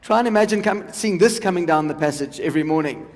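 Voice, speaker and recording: High-voiced man doing stand-up in a hall. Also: lively intonation, fast. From South Africa. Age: 40s. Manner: chatty crowd work with the audience. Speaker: stand-up comedian. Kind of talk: stand-up comedy. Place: large event hall with a live audience.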